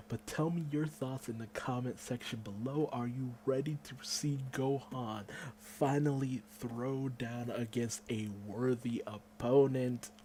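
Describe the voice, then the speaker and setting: A man giving a casual, excitable manga chapter review, swearing freely and acting out the characters' lines. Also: mid-range voice, a little hiss or hum.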